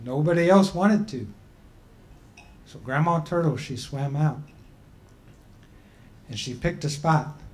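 Measured man telling a traditional story. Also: fairly high pitch, a little mellow. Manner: measured, deliberate, with pauses. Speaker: speaker. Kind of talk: storytelling talk.

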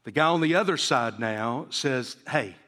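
A man's voice: mid-range voice, lively intonation, normal speed, bright, forceful tone, big-room sound. A man preaching a sermon to a congregation, acting out the voices of the people in his story. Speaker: pastor. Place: church sanctuary.

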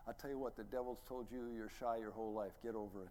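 A middle-aged man, a pastor, preaching a sermon as a story, acting out quotes and building to loud, emphatic peaks. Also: lowish voice, fairly even intonation, fast. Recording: long reverb, faint ambient noise.

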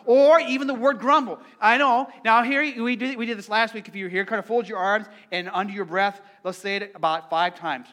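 A male pastor with a high, bright voice delivers a sermon. He talks conversationally, repeating words as he goes, and keeps inviting the congregation to join in. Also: fairly quick.

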